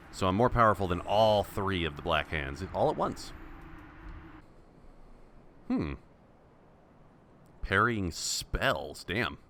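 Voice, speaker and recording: Deep-voiced wry gameplay commentator. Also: male voice, bright, forceful tone, slight background noise. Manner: wry, sarcastic running commentary that talks back to enemies. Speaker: let's-play host.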